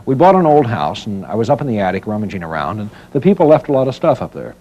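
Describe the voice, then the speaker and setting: A man's voice: fairly low pitch, big pitch swings, fast talker, warm tone, lo-fi sound. Folksy middle-aged man demonstrating woodwork. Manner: chatty, teasing, homespun explaining. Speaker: home improvement show host. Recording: 1990 VHS tape with faint hiss.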